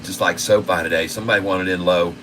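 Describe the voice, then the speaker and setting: A man hosting a stock market livestream, giving casual, excited commentary and talking to his viewers as folks. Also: low-pitched, quick pace, a little hiss or hum, low-quality recording.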